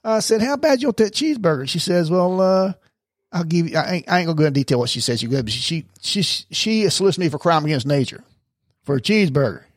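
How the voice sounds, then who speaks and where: Casting: man, ex-cop storyteller, a bit high-pitched, dry close sound, lively and chatty. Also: a little fast, no room sound. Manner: animated storyteller, jumps high to act out quoted women. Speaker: retired police officer, podcast co-host. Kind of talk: casual storytelling chat.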